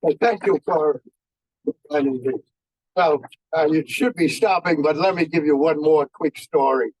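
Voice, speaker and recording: Man, 90s, veteran storyteller, folksy, halting with fillers, slightly high voice, dry sound. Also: no echo, rough recording. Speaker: veteran speaker. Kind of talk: anecdotal war storytelling.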